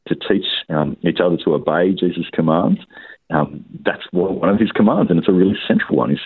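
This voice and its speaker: A man speaks as a guest on a Christian radio show, thoughtful and hesitant, with plenty of fillers. His voice is very deep and husky, and he talks quickly. The sound is thin and phone-like. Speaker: studio guest. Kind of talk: radio interview answer.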